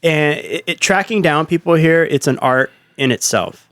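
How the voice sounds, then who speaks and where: A man's voice: a little high, animated, moderate pace, a bit bright, no echo. A male podcast host from the East Coast, chatting loosely with frequent swearing. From East Coast, United States. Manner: loose, rambling, swears freely. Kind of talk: casual podcast chat. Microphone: studio mic with headphones.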